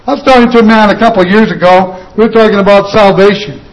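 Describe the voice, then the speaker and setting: High-voiced preacher man. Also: fast talker, rough recording. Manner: preaching with rhetorical questions, scripture quotes and repetition. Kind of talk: sermon.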